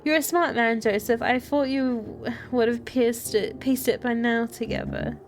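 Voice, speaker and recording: A woman's voice: on the high side, unhurried, slight background noise, lightly acted. A woman voicing a sly old grandmother while reading game dialogue aloud, with game music playing behind her. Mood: knowing.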